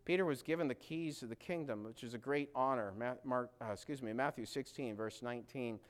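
A man's voice: mid-range voice, a little fast. A man preaching a sermon, earnest and direct, asking his listeners questions and acting out quoted lines with growing force.

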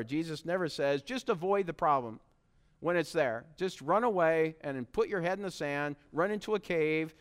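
A man's voice: on the high side, clean tone. A man preaching a sermon as pastor, earnest and emphatic, repeating phrases to drive his point home.

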